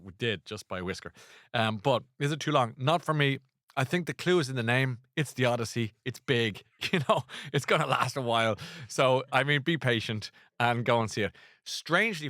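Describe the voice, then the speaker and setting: A man's voice: mid-range voice, lively intonation, normal speed, bright, forceful tone, dry recording, studio quality. A man hosting a casual chat show, rambling and self-deprecating with lots of restarts. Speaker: host.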